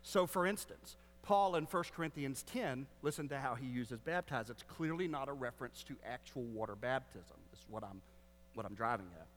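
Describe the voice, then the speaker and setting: A man's voice: medium pitch, expressive, normal speed, fairly bright tone, slight background noise. A man preaching a sermon as a Baptist pastor, teaching with joking asides to the congregation. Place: church sanctuary. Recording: long hall reverb.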